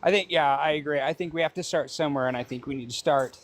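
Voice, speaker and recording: A man's voice: a little high, fast talker. A man calling into a live stream, agreeing earnestly and talking about unity. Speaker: call-in guest. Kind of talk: casual conversation.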